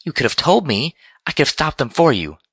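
A man voicing a timid, gentle female pony who speaks meekly and stammers when upset. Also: fairly low pitch, brisk, no echo, clean studio sound, pitched above the performer's own voice. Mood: fretful, meek. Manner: meek, faltering, stammering.

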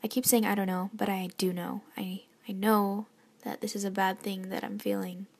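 A young woman giving a rambling, halting late-night rant that is often whispered and self-deprecating. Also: mid-range voice, flat delivery, a little mellow, husky. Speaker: vlogger.

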